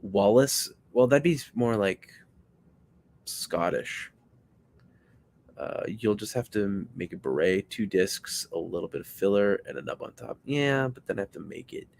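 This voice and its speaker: A man's voice: on the low side, animated, unhurried, creaky, a little mellow, slight background noise, poor audio. A man hosting a stream, chatting casually and joking with viewers while he builds a puppet. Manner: rambling, joking, answering chat. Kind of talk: casual chat while crafting.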